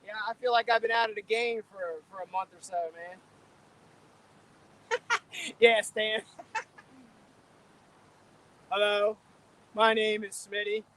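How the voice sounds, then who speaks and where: A man's voice: high voice, steady tone, slow pace, pauses often, sharp tone. A man with a Philadelphia accent, chatting casually on a live fishing stream from his boat, laid-back and chuckling as he greets viewers by name. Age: adult, middle-aged or older. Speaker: fishing vlogger reading live chat. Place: boat on a river at dusk, outdoors.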